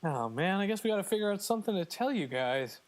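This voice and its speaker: A man's voice: sits high, expressive, quick pace. A man co-hosting a casual gaming podcast, chatty and joking with frequent fillers. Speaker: podcast co-host. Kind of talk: casual chat.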